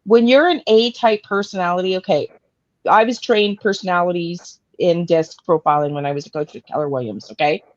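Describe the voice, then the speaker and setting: A woman's voice: on the low side, no room sound, lo-fi sound. A blunt, outspoken woman host giving casual commentary on a clip, swearing freely. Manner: blunt, swears, talks in quick bursts.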